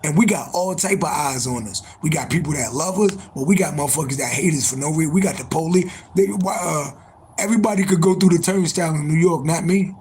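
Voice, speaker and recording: A fairly high, quick, somewhat mellow voice belongs to an adult livestream host and spiritual reader born in January. Talking casually to viewers, he swears heavily and repeats himself emphatically, his voice strained, with street sirens and horns nearby, slight background noise, and poor audio.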